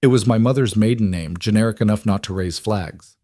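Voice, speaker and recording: A man voicing a hurt young mother who speaks quietly and carefully. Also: on the low side, brisk, dry recording, clean studio sound, natural voice.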